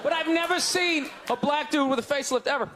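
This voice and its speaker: A man doing a stand-up comedy set on stage, ranting loudly and jabbing sarcastically at the audience. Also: extremely high pitch, fairly quick.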